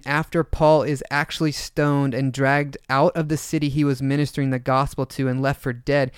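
A man's voice: on the high side, clear, resonant tone, no room sound, clean studio sound. A man co-hosting a Bible teaching podcast, speaking earnestly and urging listeners on. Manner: earnest, exhorting.

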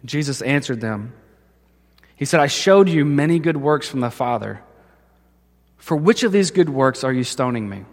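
A man's voice: mid-range voice, animated, moderate pace, long pauses. A man preaching a sermon as pastor, telling stories and acting out the voices of the people in them. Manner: storytelling, acts out voices in quotes. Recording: long hall reverb.

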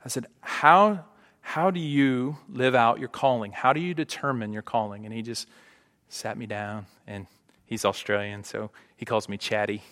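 A man's voice: medium pitch, steady tone, normal speed, a bit bright. A man preaching a sermon to a congregation, conversational and often checking in with "right?". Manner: conversational, frequent "right?" asides. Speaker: pastor. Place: church sanctuary. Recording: long hall reverb.

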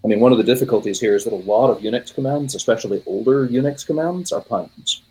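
Husky-voiced rambling tech man. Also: mid-range voice, fast talker, dark tone, poor audio. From United States. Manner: rambling with frequent fillers and self-corrections. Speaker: podcast guest. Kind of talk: casual technical chat.

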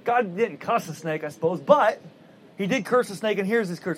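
A male pastor delivers a sermon in a relaxed, storytelling style, tossing out rhetorical questions at a moderate pace. His voice sits high for a man, and a faint hum runs beneath it.

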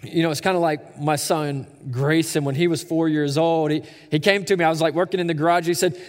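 High-voiced man preaching in an echoey hall. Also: steady tone, brisk. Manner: conversational, stammering repeats, storytelling. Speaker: pastor. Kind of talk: sermon.

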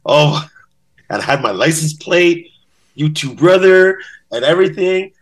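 A man's voice: fairly high pitch, lively intonation, a little slow. A man telling stories as a podcast guest in a casual interview. He acts out quotes in different voices. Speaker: podcast guest, bass-playing fan.

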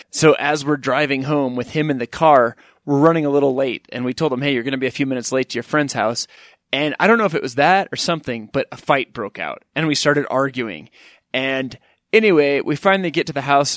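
A middle-aged man telling funny personal stories, with wry asides and sudden high-pitched emphasis. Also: a little fast, dry recording, clean studio sound. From Wyoming. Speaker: storyteller. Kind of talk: comic personal storytelling.

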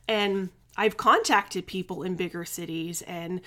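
A woman's voice: on the low side, fairly even intonation, a little slow, bright, forceful tone. A woman in her forties hosting a casual solo podcast, talking candidly and chattily, venting her frustration and swearing freely. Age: 40s. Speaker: podcast host.

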